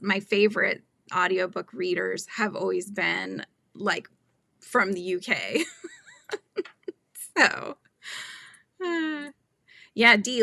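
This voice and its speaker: Chatty woman with a gravelly bright voice. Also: medium pitch, dry recording. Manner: rambling, chatty, laughs often. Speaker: children's book author hosting a live stream. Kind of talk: casual live-stream chat.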